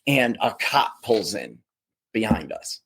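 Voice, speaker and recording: A man telling casual stories as a podcast guest, lively and full of voices for the people in them. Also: fairly low pitch, slow pace, creaky, slightly rough. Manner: animated, does voices of people in his stories. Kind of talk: casual storytelling.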